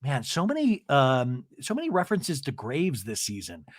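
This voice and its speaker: A man's voice: medium pitch, wildly swooping pitch, moderate pace, dry recording, studio quality. A man hosting a podcast, recapping in a chatty, gossipy storytelling way. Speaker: podcast host. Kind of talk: casual recap commentary.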